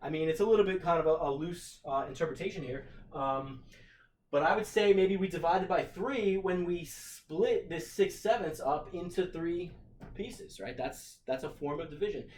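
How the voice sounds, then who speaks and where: In this recorded math walkthrough, a middle-aged man teaching his class reasons aloud with frequent fillers and restarts. His voice is fairly high and a little mellow, his pace moderate, and faint background noise can be heard.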